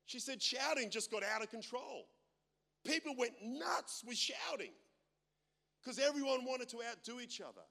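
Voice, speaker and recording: A man preaches with a naturally loud, animated delivery and pokes fun at himself as he tells stories. His voice sits high for a man. The sound carries a long reverb from a large hall. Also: normal speed, creaky. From Australia. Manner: loud, animated, self-deprecating humor. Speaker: pastor. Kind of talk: sermon with storytelling.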